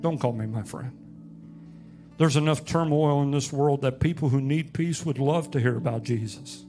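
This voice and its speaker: A man preaching a sermon as pastor, storytelling and rising to loud, emphatic peaks, with soft music behind. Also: mid-range voice, moderate pace.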